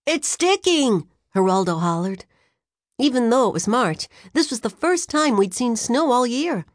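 A woman narrating a children's audiobook with an expressive storytelling manner. Her fairly high voice rises and falls with lively swings. The studio sound is dry and close. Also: moderate pace, no room sound.

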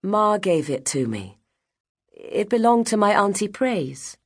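A woman's voice: medium pitch, very animated, slow, husky, pitched above the performer's own voice, heavily acted. A woman voicing a defiant young schoolgirl in trouble, mumbling and subdued, in an audiobook. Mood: sullen, meek. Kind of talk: audiobook character reading.

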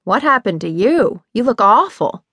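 A woman voicing a brisk, busy suburban mom. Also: fairly high pitch, sing-song, a bit bright, breathy edge, no room sound, clean studio sound, heavily acted. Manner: brisk, chattering, cheerful.

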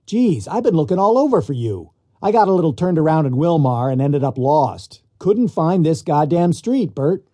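Man voicing a folksy stranger, overfamiliar, husky, dark, raised pitch. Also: sing-song, moderate pace, hardly any pauses. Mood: familiar. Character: friendly, overfamiliar male stranger. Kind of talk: audiobook character voice.

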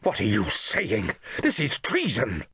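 A man voicing an alarmed Roman legate who shouts urgent commands. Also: lowish voice, huge pitch swings, a little slow, slightly rough, no echo, studio quality, full character voice. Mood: outraged.

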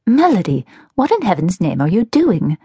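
A woman voicing a composed, proper elder sister in an audiobook, speaking in a measured, prim and polite way. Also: medium pitch, huge pitch swings, mellow, husky, no echo, heavily acted. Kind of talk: audiobook character voice.

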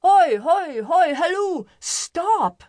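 Woman playing an alarmed man, shouting, urgent, high-pitched. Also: big pitch swings, extremely slow, no room sound, studio quality, full character voice. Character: excited man calling out a warning.

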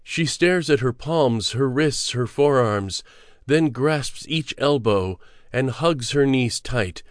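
Dude reading an audiobook, steady measured pace, dry close mic, mid voice. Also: male voice, medium pitch, dry recording. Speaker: audiobook narrator. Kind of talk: scripted audiobook narration. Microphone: close studio mic.

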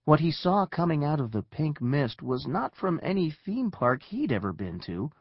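A man narrating a children's story with expressive storytelling. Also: fairly high pitch, normal speed, breathy edge, dry recording, dull audio. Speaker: audiobook narrator.

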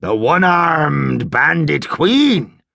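A man voicing a gruff, hungry old pirate captain in an audiobook, with a slow, folksy drawl. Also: on the high side, sing-song, pushed and bright, no echo, exaggerated voice. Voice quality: gravelly, husky. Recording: dry studio audiobook.

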